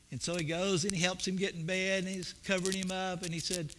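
A man preaching in a church with a high, ringing, forceful voice. He tells homespun stories and swells into emphatic, repeated questions. The delivery moves between soft, conversational asides and bursts of preaching. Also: steady tone, fairly quick, slight background noise. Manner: folksy, storytelling preacher with rising emphatic bursts. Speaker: pastor. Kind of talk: sermon. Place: church sanctuary.

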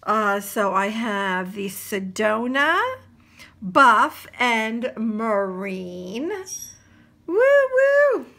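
A woman from New Jersey chatting casually to her camera as she unboxes craft supplies, gushing and excited, with lots of fillers. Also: mid-range voice, drawn-out words, gravelly. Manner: gushing and excitable, full of exclamations. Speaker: craft vlogger.

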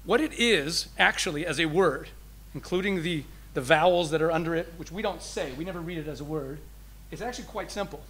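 A man with a slightly high voice teaches an audience in the role of a rabbi, explaining his subject. His delivery alternates between forceful and gentle, slowing over important phrases.

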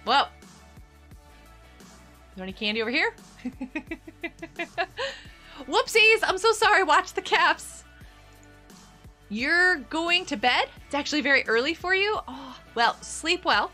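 A woman's voice: sits high, pushed and bright. A woman streaming a game live, chatting with her viewers in a bubbly, giggly way. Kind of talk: casual live-stream chatter while gaming.

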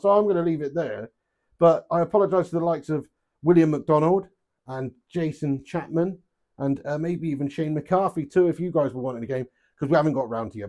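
A young man chatting casually on a live stream, rambling, swearing freely and getting animated. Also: a little high.

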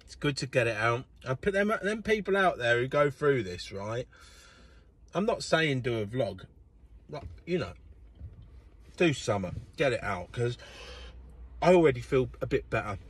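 A man's voice: medium pitch, expressive, unhurried, long pauses, slightly rough, no echo. A middle-aged man ranting casually to camera, blunt and profane, swinging between mutters and outbursts. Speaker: vlogger. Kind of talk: casual sweary rant to camera.

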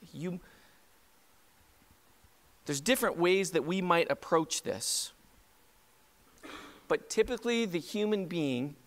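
A pastor delivers a sermon in a church sanctuary, his slightly high, fairly bright voice ringing with long reverb from the hall. He preaches loosely and conversationally, often asking the congregation questions directly.

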